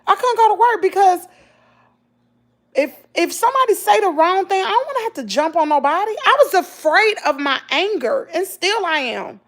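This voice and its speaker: This middle-aged Southern vlogger has an extremely high pitch and a moderate pace. She talks to her viewers about hard times casually and emotionally, telling it with animation and calling them "y'all."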